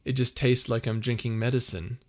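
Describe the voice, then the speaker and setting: A man's voice: mid-range voice, steady tone, fairly quick. A young man casually chatting on a live stream, reading viewer comments aloud and laughing often. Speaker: streamer and audio creator.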